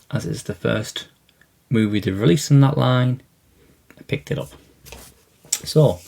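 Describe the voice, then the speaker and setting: A man's voice: medium pitch, gravelly, dark tone. A man hosting a casual unboxing vlog about his film collection, talking in a rambling, hesitant way with lots of fillers and restarts.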